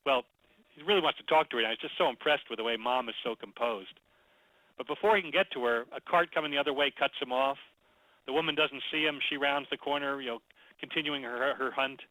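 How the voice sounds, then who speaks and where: A man presenting a storytelling webinar in a conversational, animated way, telling a story as he teaches. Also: medium pitch, fairly quick, no echo, low-quality recording. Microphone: computer mic, webinar audio.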